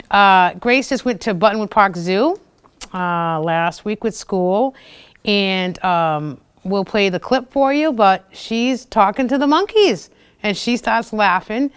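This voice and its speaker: A woman's voice: medium pitch, smooth. A woman in her thirties hosting a local TV show, telling personal stories in a chatty way, full of fillers and acted-out quotes. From United States. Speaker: host of a community TV show. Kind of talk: personal storytelling talk.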